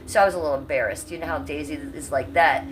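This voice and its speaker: A woman's voice: sits low, fast talker, recorded from a distance, poor audio. A woman in her fifties from Cleveland, casually chatting with her livestream viewers in a salty, talkative way, with an occasional cough. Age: 50s. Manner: chatty, salty, talks to chat. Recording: voice a bit off-mic, faint room hum.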